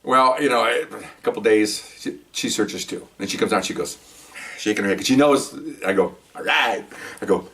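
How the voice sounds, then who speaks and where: A man's voice: lowish voice, moderate pace, bright, forceful tone, recorded from a distance. An older man, a retired police officer, telling stories in a rambling, conversational way full of asides and restarts. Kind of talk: casual storytelling to camera.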